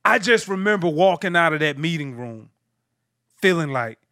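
A man in his thirties hosting a casual chat, a former linebacker who tells animated stories and acts out his teammates. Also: fairly high pitch, moderate pace, no room sound, studio quality. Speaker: podcast host, former linebacker.

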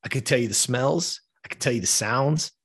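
A man's voice: medium pitch, normal speed, fairly bright tone. A man in his fifties from the United States, a podcast guest telling an emotional personal story with casual swearing and frequent fillers like "like" and "you know". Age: 50s.

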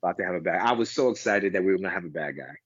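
A fairly low-voiced American man talks tennis in a loose, rambling way, restarting his sentences and throwing in animated asides. The sound is dull and lo-fi, with a dry, close feel and no room around it. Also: racing, slightly rough, no echo. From United States. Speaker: guest DJ and tennis fan. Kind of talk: casual podcast chat.

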